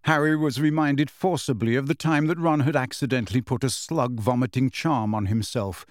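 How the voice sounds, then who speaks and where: A man's voice: medium pitch, dry recording. Man reading a storybook, dry close sound. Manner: measured storytelling. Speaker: audiobook narrator. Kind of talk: scripted narration.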